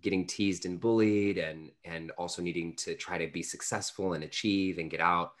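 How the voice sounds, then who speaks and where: Low-voiced guy in his 30s, earnest storyteller, says "like" a lot. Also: moderate pace. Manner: earnest, animated, lots of "like" fillers. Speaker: interview guest. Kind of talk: storytelling in conversation.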